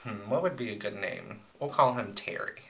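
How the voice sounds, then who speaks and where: A man's voice: on the low side, lively intonation, normal speed, gravelly, a little hiss or hum, poor audio. A young man chatting casually as co-host, rambling through crude, joking stories about old roommates. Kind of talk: casual chat.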